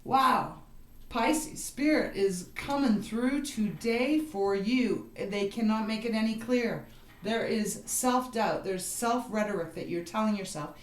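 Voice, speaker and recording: A woman's voice: on the high side, unhurried, reverberant, slight background noise. A woman giving a tarot reading for a star sign, talking straight to the listener in an earnest, encouraging way and often adding "you know" and "right". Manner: repeats herself, with frequent "you know" and "right". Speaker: tarot card reader.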